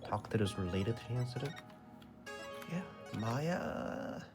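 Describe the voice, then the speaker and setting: A man giving casual gameplay commentary, loud and incredulous, swearing often. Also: medium pitch, expressive, slow pace. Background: game music.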